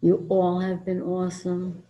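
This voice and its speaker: An older woman from New York gives a personal testimony at a convention. She tells her story in a blunt, emphatic and animated way, and she acts out the lines of the people she quotes. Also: on the low side, a little slow, rough recording. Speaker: speaker at a recovery convention. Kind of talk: personal testimony to a live audience. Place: convention meeting room before an audience.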